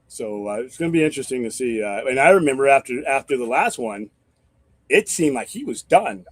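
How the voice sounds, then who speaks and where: A man hosts a casual live-stream chat, wandering from thought to thought with restarts and loose swearing. His voice sits at an ordinary middle pitch. The sound is dry and close, with no room behind it. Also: lively intonation, brisk, husky, dry recording. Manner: rambling, profane, thinks aloud with restarts. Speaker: host.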